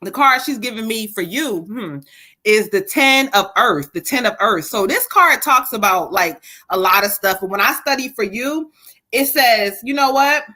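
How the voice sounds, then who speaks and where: A woman reads tarot live, in an animated, folksy way. Her voice sits a little high and sounds bright and forceful. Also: moderate pace. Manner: animated, folksy, channels spirit messages. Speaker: psychic reader.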